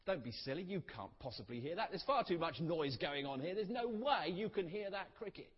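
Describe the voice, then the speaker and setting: A man's voice: high-pitched, lively intonation, a little fast, husky, long reverb tail, highs cut off. A man voicing a dismissive city banker scoffing at his friend. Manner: scoffing, impatient.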